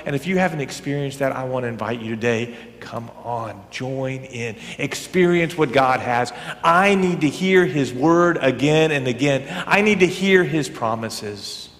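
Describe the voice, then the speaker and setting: A man preaching a sermon as a pastor, talking conversationally and swinging between loud emphatic bursts and quiet, almost whispered lines. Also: medium pitch, unhurried. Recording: long hall reverb.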